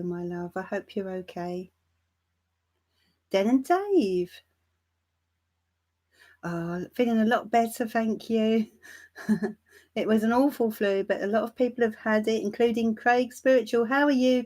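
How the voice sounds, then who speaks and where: A woman hosting a tarot live stream, chatting warmly and calling viewers darling and my love. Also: mid-range voice. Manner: laughs lightly between remarks. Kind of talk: casual livestream chat greeting viewers.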